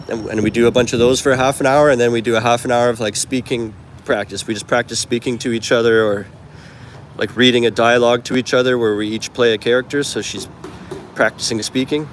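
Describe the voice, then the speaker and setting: A travel vlogger walks through an outdoor street market, chatting to his handheld phone camera in a rambling, casual way with self-correcting asides. His mid-range voice is fairly even in intonation and fairly quick, with traffic and street noise behind it.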